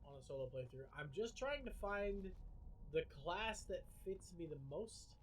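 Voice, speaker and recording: A man streaming a game live and talking loosely to his chat. His voice sits a little high, and he rambles with plenty of filler words. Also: lively intonation, moderate pace, low-quality recording. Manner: rambling, filler-heavy talk.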